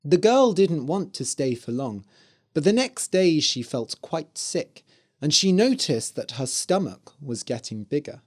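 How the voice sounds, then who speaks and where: A slow, clear, expressive reading of a fairy tale, scripted for English learners, delivered by a storyteller whose voice sits in the mid range.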